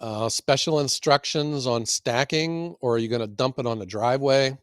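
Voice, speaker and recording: A man co-hosting a casual podcast, telling stories in a folksy, animated way. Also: mid-range voice, normal speed, no room sound, studio quality. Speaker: podcast co-host and firewood seller.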